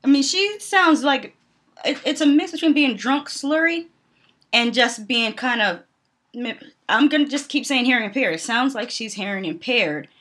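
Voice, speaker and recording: A woman's voice: a little high, expressive, moderate pace, a bit bright. A young adult woman from the Northeastern US, giving casual commentary on a reality TV show in her vlog. She is blunt and opinionated, laughs often and fills her talk with "um"s. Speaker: vlogger.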